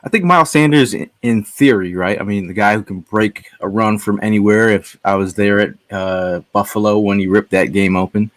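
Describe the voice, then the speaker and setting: Low-voiced man telling rambling stories. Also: no room sound. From Connecticut. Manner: rambling, halting storyteller with many restarts. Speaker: podcast guest. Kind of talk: casual podcast chat.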